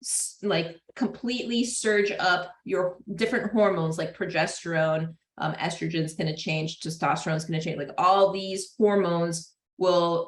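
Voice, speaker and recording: A woman giving a casual psychology lecture to a class, chatty, with frequent laughs and fillers. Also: on the low side. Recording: roomy classroom echo.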